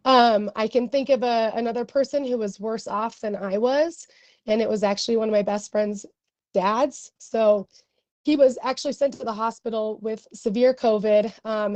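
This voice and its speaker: A young woman doctor giving earnest, emotional testimony at a hearing, with many pauses and ums. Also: fairly high pitch, fairly even intonation, darkish tone, no echo.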